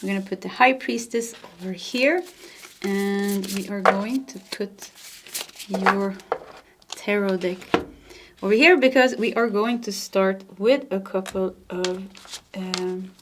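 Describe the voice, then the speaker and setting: A woman with a Nordic accent giving a tarot card reading to camera, soft-spoken and gentle, laughing lightly now and then. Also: mid-range voice, slow, background noise. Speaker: tarot reader.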